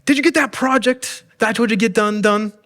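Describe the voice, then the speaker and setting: A man doing an exasperated spouse yelling. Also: very high voice, quick pace, long reverb tail, voice pushed up.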